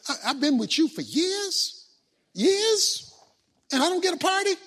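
A man voicing a resentful older brother who complains indignantly and shouts about being overlooked. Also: extremely high pitch, sing-song, measured pace, voice pushed up, exaggerated voice.

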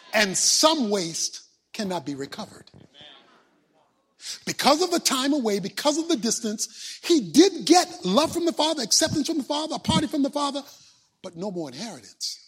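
A male preacher delivers a sermon, repeating key phrases for emphasis and calling on his listeners to respond. His voice is very high and husky. His pitch rises and falls in a lively way. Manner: emphatic, repetitive, call-and-response.

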